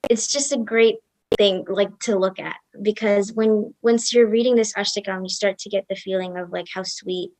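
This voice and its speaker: A woman's voice: medium pitch, vocal fry, dry recording, poor audio. Young woman speaker at a satsang, chatty storytelling, dry voice. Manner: casual and animated, acting out characters' lines. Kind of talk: devotional storytelling talk.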